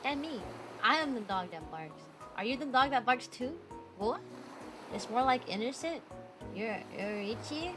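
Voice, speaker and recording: A woman's voice: a little high, lively intonation, unhurried, over music. A young woman streaming casually as a VTuber, talking energetically and playfully and breaking into silly voices and barks. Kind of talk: casual livestream chat.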